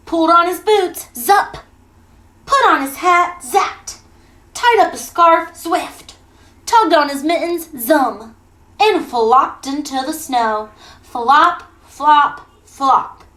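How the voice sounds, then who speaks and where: Teacher reading to kids: woman, high voice, slow unhurried pace, playful and animated. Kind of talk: reading a picture book aloud to children.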